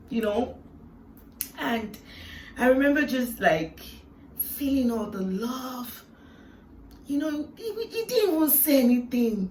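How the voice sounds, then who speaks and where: A woman's voice: high voice, animated, slow, pauses often. Woman vlogger, heartfelt storytelling, reflective with emotional peaks; roomy, distant mic sound with faint background hiss. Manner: earnest and reflective, with emotional swells and hushed moments. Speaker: vlogger sharing a personal testimony.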